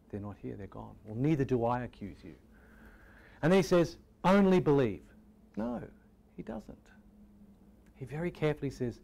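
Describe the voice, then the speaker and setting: A man preaching a sermon in a conversational way, asking rhetorical questions and often dropping to a soft, quiet tone. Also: mid-range voice. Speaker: pastor.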